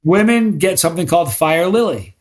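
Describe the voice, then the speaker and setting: A middle-aged man sits in as a podcast guest, talking through his stories in a lively, animated way. His voice sits on the high side for a man. He often trips over his own words and repeats them as he hurries on. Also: fairly quick, background noise. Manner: animated storyteller, repeats words when excited. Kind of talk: casual podcast chat.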